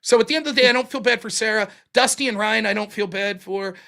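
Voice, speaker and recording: A man's voice: high voice, quick pace, vocal fry, bright, forceful tone. A man talking casually as a guest, telling a story in a blunt and profane way. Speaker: guest streamer and debater. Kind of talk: casual podcast conversation.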